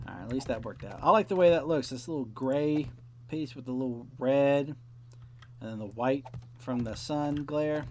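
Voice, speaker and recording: A young male let's-play host gives casual, rambling commentary while playing, swearing heavily and acting out quoted dialogue. His voice is medium-pitched and a little mellow at normal speed, with faint key clicks and slight background noise behind.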